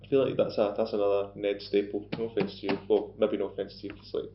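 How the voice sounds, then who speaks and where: A young Scottish man co-hosting a podcast, rambling with halting restarts and jokes. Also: lowish voice, level tone, noisy background. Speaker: podcast co-host. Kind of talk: casual chat. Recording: echoey room with a dull lo-fi sound.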